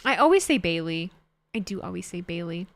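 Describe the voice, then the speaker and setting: A woman's voice: on the low side, sing-song, brisk, fairly bright tone, dry recording. A woman streamer in casual live chat, joking theatrically and answering her viewers.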